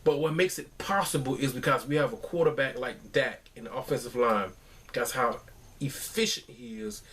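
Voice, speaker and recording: A man's voice: mid-range voice, animated, normal speed, creaky, a bit bright. A man giving a casual football recap at home in a rambling, exasperated way, with many restarts. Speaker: fan commentator.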